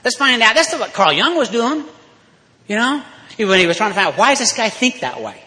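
A man giving a folksy, emphatic recovery talk to an audience, sometimes rising to loud exhortation. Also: high voice, very animated, brisk. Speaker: recovery speaker. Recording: hall reverb.

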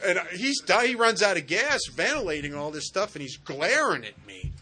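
A man's voice: sits high, very animated, normal speed, sharp tone, slightly rough. A man speaking at a recovery meeting as a sponsor, telling a personal story in an earnest, conversational way.

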